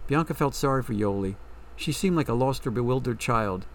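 Man narrating a story with lively pitch. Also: a little fast, recorded from a distance.

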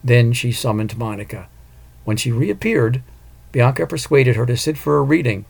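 Gravelly male audiobook narrator. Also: medium pitch. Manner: even, measured storytelling. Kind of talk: scripted narration.

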